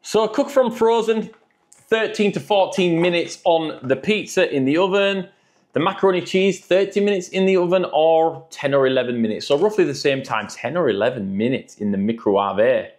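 A man's voice: fairly high pitch, lively intonation, moderate pace, a little mellow. A man reviewing frozen food in a jokey, chatty vlog.

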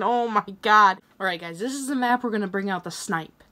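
A young woman hosting a gaming channel, commenting on her own online match and quick to rage, swearing and yelling at other players. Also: medium pitch, slight background noise. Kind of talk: live gameplay commentary.

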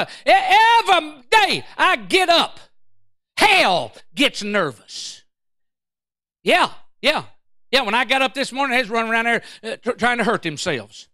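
A man preaching a fervent sermon as pastor, calling out to the congregation and shifting between shouting and quiet storytelling. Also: extremely high pitch, no room sound, clean studio sound.

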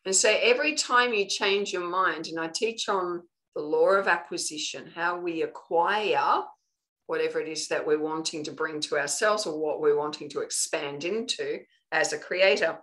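A woman with an Australian accent giving a live online spiritual lesson. She coaches earnestly and keeps checking in with her listeners with a quick "okay". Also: sits low, fairly bright tone, low-quality recording. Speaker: spiritual teacher.

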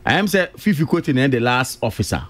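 Animated Ghanaian man arguing on radio. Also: medium pitch, brisk. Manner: emphatic, repeats key words, mixes English and Twi. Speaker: radio panelist. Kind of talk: radio political discussion.

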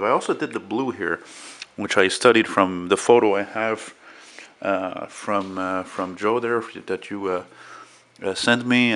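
A man casually rambling and swearing as he shows his painting in a home vlog. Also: low voice. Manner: rambling, profane, relaxed. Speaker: artist vlogger. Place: at home beside a window.

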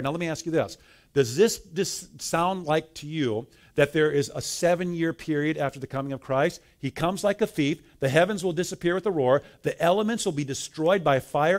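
A man preaching a sermon at a church conference, telling stories and asking the congregation to call out answers. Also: a little high. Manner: animated storyteller, asks the crowd questions. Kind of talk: sermon with audience call-and-response.

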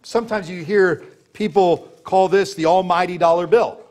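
A man's voice: sits high, fairly even intonation, normal speed, a little mellow. A man preaching a sermon as pastor, emphatic and full of rhetorical questions, laughing as he tells stories.

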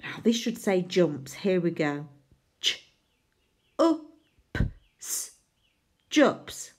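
A woman's voice: lowish voice, big pitch swings, very slow, darkish tone. A woman teaching a phonics lesson to young children, sounding out letters and playfully pretending to make mistakes. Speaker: primary school teacher.

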